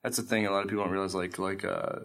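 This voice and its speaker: A man's voice: low voice, little pitch movement, rapid-fire, creaky, a bit bright. A man hosting a casual podcast chat, talking emphatically and swearing freely.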